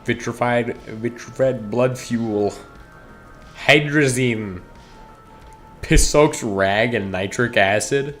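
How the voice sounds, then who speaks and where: A man's voice: medium pitch, slow, soft background music. A man chatting casually to his viewers while streaming a game, rambling and cutting himself off mid-sentence. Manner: rambling, self-interrupting, talks straight to chat.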